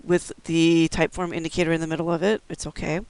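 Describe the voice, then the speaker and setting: A man with a slightly high, gravelly yet clear voice teaches in a careful, step-by-step way, pausing on the odd filler. The recording is dry and close, with no room sound. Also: level tone, darkish tone, no echo, low-quality recording. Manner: methodical, explaining step by step with fillers. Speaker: braille instructor. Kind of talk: recorded instructional lecture.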